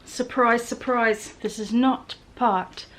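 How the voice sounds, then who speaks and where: A woman's voice: on the high side, fairly even intonation, slow, a little hiss or hum. A woman vlogging casually at home, chatting to the camera and cooing at her pets in a sing-song voice. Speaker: lifestyle vlogger. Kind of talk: casual home vlog chat.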